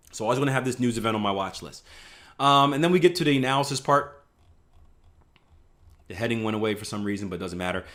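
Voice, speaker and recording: A man from the Northeast US teaches a live online trading class in a medium-pitched, slightly bright voice. His style is conversational; he often checks in with "right?" and acts out panicked traders.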